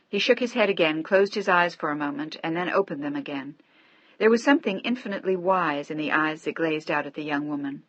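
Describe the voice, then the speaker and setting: A woman narrating a romance novel in a measured, steady audiobook reading. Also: sits low, no echo. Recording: dry, slightly dull audio.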